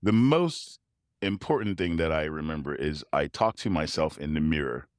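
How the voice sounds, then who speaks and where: A man, a tuba player, telling personal stories as a guest, animated and often laughing. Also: extremely low pitch, moderate pace, clean tone, no room sound, clean studio sound. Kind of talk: interview storytelling.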